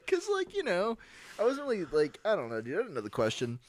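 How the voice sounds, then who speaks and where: A man's voice: sits high, wildly swooping pitch, fairly quick. A young man co-hosting a podcast, telling an embarrassing story in casual chat and laughing often. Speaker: podcast co-host.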